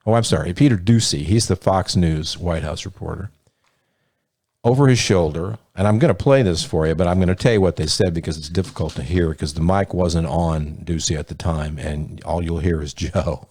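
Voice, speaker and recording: Low-voiced blunt male podcast host. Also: moderate pace, darkish tone, no room sound, studio quality. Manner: blunt, profane, sarcastic storytelling. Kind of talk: casual opinionated commentary.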